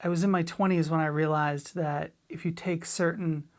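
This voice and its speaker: A middle-aged woman teaching a drum lesson in a relaxed, chatty way, sometimes scatting rhythms aloud. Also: low voice, normal speed. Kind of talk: casual spoken lesson.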